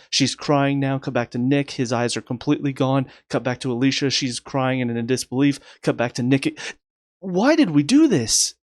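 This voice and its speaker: A man casually reviewing a TV episode, exasperated and sarcastic, restarting his sentences often and recapping scenes in quick lists. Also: medium pitch, no room sound, clean studio sound. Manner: rapid recaps in a flat list. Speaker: TV review host.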